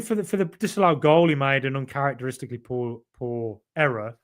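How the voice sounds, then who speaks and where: A man's voice: on the high side, fairly even intonation, fast talker, hardly any pauses, a bit bright. A middle-aged man hosting a casual podcast stream, reading viewer comments and chatting loosely with repeated words and jokey asides. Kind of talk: casual live-stream chat.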